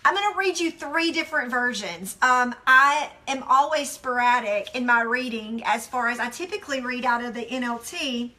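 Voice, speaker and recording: Middle-aged woman doing a chatty devotional talk, high bright voice, lots of "like"s. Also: moderate pace, hardly any pauses. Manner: chatty and expressive, with many "like"s and restarts. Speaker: devotional teacher. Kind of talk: casual devotional teaching.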